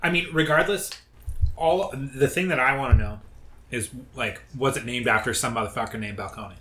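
A man co-hosting a podcast in casual chat, animated and jokey, swearing freely. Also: mid-range voice, moderate pace. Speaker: podcast co-host. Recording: echoey room, faint noise.

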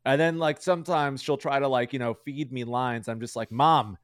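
A man's voice: medium pitch, brisk, smooth, dry recording, studio quality. A man talking as a streamer guest in a casual interview, rambling with lots of "like" and "you know" fillers.

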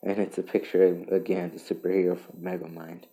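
Low, flat-voiced man hosting a podcast. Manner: halting, self-interrupting, chuckles between lines. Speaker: podcast host. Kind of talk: casual solo podcast, reading memes aloud.

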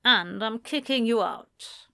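A woman's voice: on the high side, slow pace, vocal fry, smooth, dry recording, clean studio sound, full character voice. A woman voicing a middle-aged father who snaps blunt, furious orders at his son in a storybook reading. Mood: coldly calm. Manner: blunt, snapping, shouting insults.

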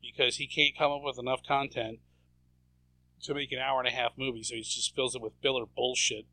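A man's voice: mid-range voice, fairly quick, dry recording. A man in casual chat, profane and sarcastic as he mocks films. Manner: profane, sarcastic, animated storytelling.

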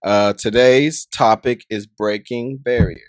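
A man hosting an interview, rambling warmly through his questions with lots of fillers. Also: mid-range voice, fairly even intonation, takes it slowly, no echo, studio quality. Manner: rambling, repeats filler phrases. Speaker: podcast host. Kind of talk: casual interview.

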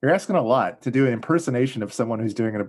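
A man's voice: mid-range voice, animated, racing. A man co-hosting a podcast, giving short replies in casual movie chat and laughing easily. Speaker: podcast co-host.

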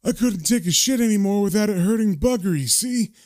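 A man voicing a cheeky, crude old male hospital patient who tells his stories in a raised, lively way. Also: high voice, a little fast, voice pushed up. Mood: indignant.

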